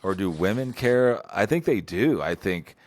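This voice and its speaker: A man co-hosting a podcast chats in an easygoing way and asks questions. His voice is very low. The sound is dry and close. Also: animated, normal speed, no room sound. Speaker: podcast co-host. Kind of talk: casual chat.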